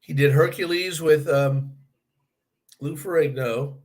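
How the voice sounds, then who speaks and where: A man's voice: a little high, fairly even intonation, takes it slowly, darkish tone. A man co-hosting a casual chat show, telling wry anecdotes and laughing at his own stories. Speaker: podcast co-host.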